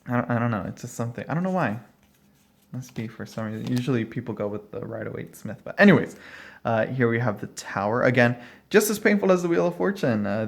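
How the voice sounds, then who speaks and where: A man at home talks casually through a card deck, rambling and thinking aloud. He fills pauses with "uh" and "you know" and laughs briefly now and then. His voice sits at a middling pitch. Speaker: tarot deck reviewer. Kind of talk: casual walkthrough talk. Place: at home, dog barking nearby.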